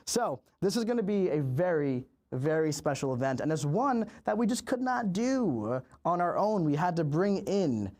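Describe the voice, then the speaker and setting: A man hosting a live game stream, upbeat and hyping things up with drawn-out emphasis. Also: a little high, sing-song, a little mellow. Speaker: stream host.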